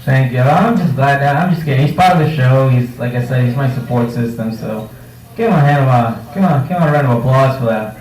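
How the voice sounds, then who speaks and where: A man's voice: mid-range voice, quick pace, darkish tone. Stand-up comic: a crude, joking man doing a set in an echoey bar and picked up from a distance. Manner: crude, joking, acts out voices. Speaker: stand-up comedian. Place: comedy night in a bar. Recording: roomy bar room, mic heard from a distance, faint noise.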